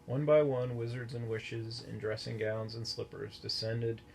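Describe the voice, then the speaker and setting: A man narrating a storybook in a steady, measured reading voice. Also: mid-range voice, gravelly, a little hiss or hum. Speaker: audiobook narrator.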